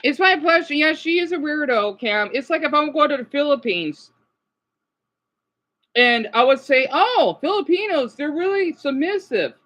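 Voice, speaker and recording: Woman vlogger, high lively voice, restless swearing rant. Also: moderate pace, pauses often. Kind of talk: ranting casual vlog.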